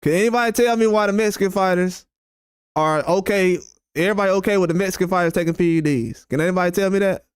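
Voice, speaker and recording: A man's voice: sits high, fast talker, clear, resonant tone, dry recording, clean studio sound. Heated man ranting on a live stream. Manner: heated, repetitive, blunt and profane. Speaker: boxing channel host. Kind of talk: live-stream rant responding to chat.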